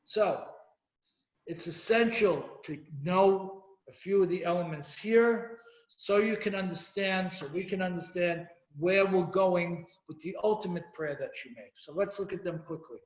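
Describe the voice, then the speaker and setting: A man's voice: high-pitched, unhurried. A man teaching a Torah class as a rabbi. He reads Hebrew verses, explains them and questions his students. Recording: echoey room, dull lo-fi sound.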